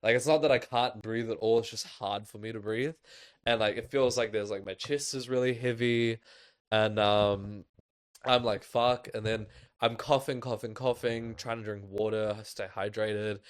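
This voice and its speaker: Young male podcast host, low smooth voice, rambling "like"-filled storytelling, dry close mic. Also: steady tone, moderate pace, no room sound. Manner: loose, filler-heavy storytelling with lots of "like". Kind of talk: casual storytelling.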